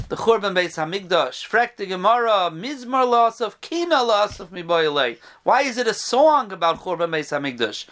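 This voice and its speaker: A man teaching a Torah class, reading out Hebrew texts in a chanting study-hall cadence. He rises in pitch to stress a point, drops low and soft when quoting sources, and often clears his throat. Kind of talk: Torah lesson.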